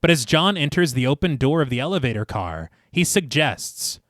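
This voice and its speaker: Lively man narrating a film recap. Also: medium pitch, normal speed, no echo, clean studio sound. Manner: narrates plot at length, laughing between passages. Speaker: podcast co-host. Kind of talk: reading a detailed film recap on a podcast.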